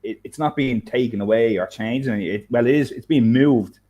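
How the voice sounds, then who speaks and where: Rambling man thinking out loud. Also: mid-range voice, moderate pace, highs cut off. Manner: rambling, many restarts and fillers, thinks aloud. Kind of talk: casual chat.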